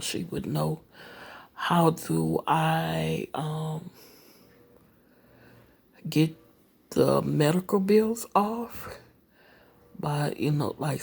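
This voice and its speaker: A woman in her late forties chats to her viewers in a slow, unhurried way. Her low voice is rough and very husky, with a heavy gravelly fry running through it. She rambles with lots of fillers and often drops into a half-whispered aside. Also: a little mellow. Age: 40s. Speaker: vlogger. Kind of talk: casual personal vlog.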